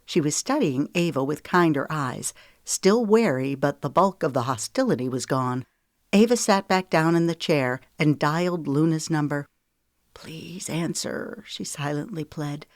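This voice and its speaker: A woman with a lowish voice narrating an audiobook in a measured, even pace. The recording is dry and close, with no room sound. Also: no room sound. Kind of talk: scripted storybook narration.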